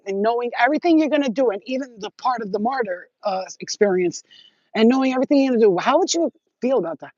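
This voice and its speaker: A woman talking as a spiritual healer in a rambling, animated and profane livestream monologue. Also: on the high side, fast talker, dry recording, muffled recording.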